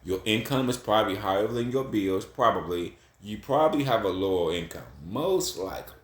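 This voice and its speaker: A man's voice: on the low side, expressive, brisk. A middle-aged man from Ohio giving blunt, repetitive, swearing advice in a casual monologue, laughing at himself. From Columbus, Ohio. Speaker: vlogger. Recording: echoey room.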